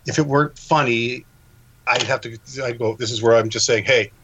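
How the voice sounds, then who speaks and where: A man's voice: mid-range voice, steady tone, a little fast, fairly bright tone, lo-fi sound, a little hiss or hum. A man co-hosting a podcast, chatting casually about a film, laughing often and acting out quotes.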